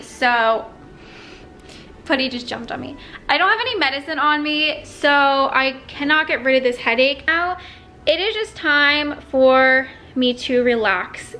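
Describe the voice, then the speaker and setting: A young woman chatting to the camera at home in a chatty, dramatic way, full of quick exclamations. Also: high voice, sharp tone. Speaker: vlogger. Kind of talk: casual chat to camera. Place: home bedroom.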